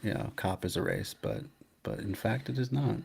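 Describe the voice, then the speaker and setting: Gravelly low-voiced man chatting casually. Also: wildly swooping pitch, moderate pace, a little mellow. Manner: joking, loose commentary with fillers. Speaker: streamer reading and commenting on a history book. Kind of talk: casual stream chat.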